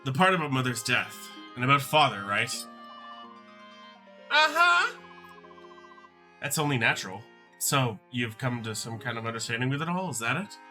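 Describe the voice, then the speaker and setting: A streamer voicing a calm, stern young male commander from a video game, speaking low and measured. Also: faint music behind. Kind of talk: reading game dialogue aloud.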